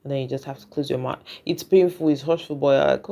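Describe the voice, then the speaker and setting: Chatty commentator, mid-pitched voice. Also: fairly even intonation, fast, gravelly, dark tone. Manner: reflective, chatty, keeps checking in with the viewer. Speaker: reaction vlogger. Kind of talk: casual commentary.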